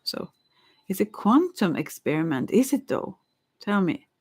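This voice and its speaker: A woman's voice: medium pitch, sing-song, measured pace, a little mellow, husky. A woman rambling in a casual monologue, musing dreamily, giggling and stammering with frequent restarts.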